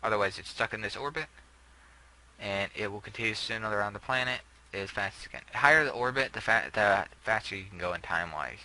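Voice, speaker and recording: A man's voice: on the low side, fast, bright, forceful tone, rough recording. A young man giving casual, rambling gameplay commentary, often trailing off and putting himself down. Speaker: gameplay video host.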